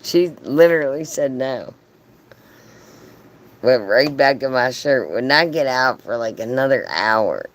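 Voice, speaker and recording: A man's voice: medium pitch, expressive, measured pace. A man telling a casual, profane story on a livestream, laughing often as he talks. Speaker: live streamer.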